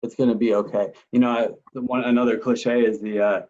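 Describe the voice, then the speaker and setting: A man's voice: mid-range voice, flat delivery, fairly quick, darkish tone. A man hosting a podcast, asking questions and affirming his guest in a reflective, casual way. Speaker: podcast host. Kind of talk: casual interview. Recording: dull, distant podcast audio.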